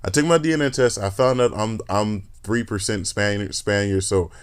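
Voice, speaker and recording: A man hosting a podcast in casual chat, telling stories in an animated, joking, profane way. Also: fairly low pitch, moderate pace, clean tone. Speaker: podcast host.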